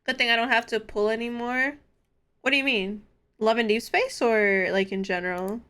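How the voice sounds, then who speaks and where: Bright-voiced, giddy woman streamer. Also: fairly high pitch, normal speed, clear, resonant tone. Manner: giddy, laughs often, talks straight to chat. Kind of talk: casual chat with stream viewers.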